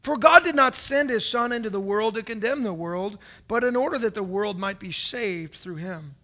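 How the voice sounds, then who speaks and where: A man preaching a sermon from a stage. He swings between loud calls and hushed asides and acts out the voices of churchgoers. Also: high-pitched, normal speed. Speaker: pastor. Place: stage before a congregation.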